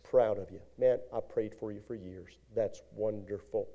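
A man pastor preaching a lively sermon, acting out little scenes and rising to shouts at his peaks. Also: on the low side, normal speed, highs cut off.

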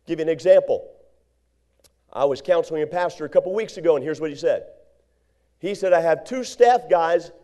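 A man's voice: a little high, fairly quick, long pauses, warm tone. A male preacher delivering a sermon, reading old-style Bible verses and acting out quoted people. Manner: preachy, acts out quoted voices, reads King James verses.

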